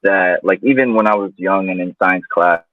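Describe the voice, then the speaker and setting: A man's voice: low voice, moderate pace, no echo. A man guest telling a personal story in a loose, casual way, full of fillers. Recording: tinny phone-like line, dry.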